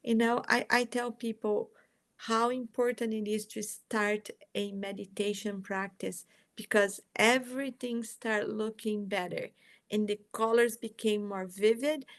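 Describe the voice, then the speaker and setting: Slow-speaking encouraging woman guest. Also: medium pitch, fairly even intonation. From Brazil. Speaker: guest, holistic nurse. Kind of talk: casual interview chat.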